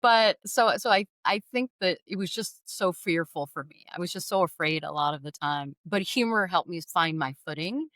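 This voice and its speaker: A middle-aged woman, an author and interview guest, telling a personal story in an animated, self-deprecating way. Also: lowish voice, normal speed, hardly any pauses, no echo, clean studio sound.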